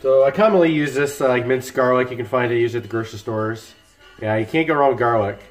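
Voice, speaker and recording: In a home kitchen that echoes with laptop music and sizzling food, a middle-aged man talks at a quick pace and medium pitch. He's livestreaming himself cooking, chatting casually and cracking jokes with his audience.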